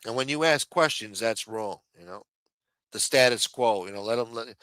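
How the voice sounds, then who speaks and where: Male stream host, smooth resonant voice, dry close sound, heated and profane. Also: fairly low pitch, moderate pace, pushed and bright, dry recording. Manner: heated, profane, repetitive, then apologetic. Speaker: livestream host. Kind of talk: profane political rant on a stream.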